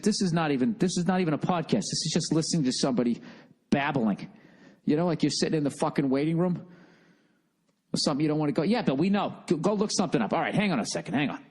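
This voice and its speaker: A middle-aged man with a Boston accent rants alone on his podcast. He talks in loose, profane tangents and keeps mocking himself. His voice sits at an everyday middle pitch. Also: a little mellow. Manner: profane, rambling, self-mocking. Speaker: podcast host. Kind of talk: casual solo podcast rant.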